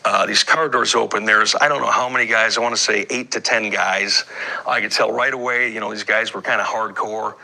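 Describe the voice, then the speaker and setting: A man, a police officer, recounting an incident in a halting way with frequent fillers and restarts. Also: mid-range voice, gravelly, bright, forceful tone, rough recording. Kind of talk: recorded interview testimony.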